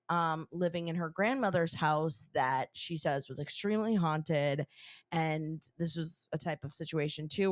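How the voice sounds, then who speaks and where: A woman hosting a podcast, relaying a listener's story in relaxed chat with frequent fillers. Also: low-pitched, no room sound. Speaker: podcast host.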